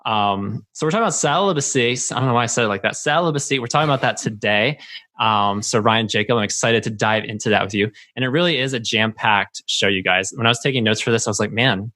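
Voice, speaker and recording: A man's voice: on the low side, fast, sharp tone. A man hosting a podcast in casual chat, talkative and rambling, laughing often. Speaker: podcast host.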